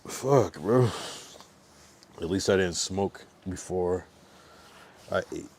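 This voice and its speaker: A young man streaming live talks slowly in a low, slightly mellow voice. Drunk, overfull, and a little out of breath, he chats loosely, peppering his casual talk with slang and swearing.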